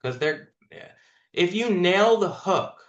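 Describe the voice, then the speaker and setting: A man's voice: high voice, expressive, slow pace, roomy sound, highs cut off. A man managing a sales team, coaching them through a meeting in an emphatic, instructive way. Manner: emphatic, instructive, demonstrates call lines.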